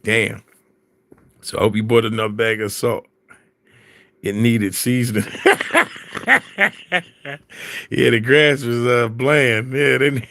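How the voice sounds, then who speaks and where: A man's voice: medium pitch, vocal fry, a bit bright, no room sound. A man in casual chat, telling stories in slang and laughing often. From Philadelphia.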